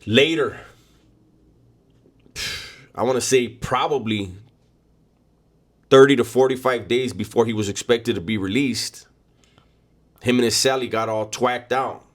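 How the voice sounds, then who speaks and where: A man's voice: mid-range voice, measured pace, long pauses. A man telling a first-person story in a casual, blunt way, full of street slang and cursing.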